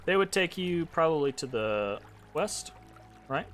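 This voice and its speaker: A man's voice: on the high side, expressive, a little slow, fairly bright tone, soft background music. A man narrating a tabletop game as game master, hesitant and full of ums and restarts.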